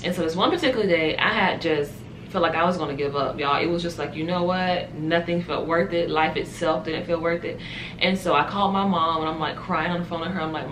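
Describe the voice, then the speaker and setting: A young woman vlogger telling a personal faith testimony, animated and emotional, talking straight to her viewers. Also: lowish voice, a little fast, background noise. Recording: echoey room.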